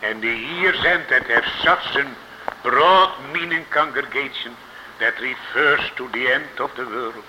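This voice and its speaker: A man preaching a sermon to his congregation, slow and emphatic, repeating key words for weight. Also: mid-range voice. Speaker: pastor. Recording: muffled lo-fi sermon recording with faint hiss.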